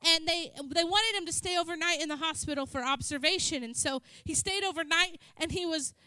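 A woman's voice: very high voice, brisk, sharp tone, no echo. A woman preaching a sermon in a church, chatty and joking with the congregation.

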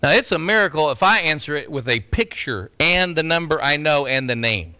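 Animated preacher man, lively pitch. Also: a little fast, clear, resonant tone, no echo. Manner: animated, folksy, swings between loud bursts and quiet asides. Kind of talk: storytelling sermon. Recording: dull lo-fi sound.

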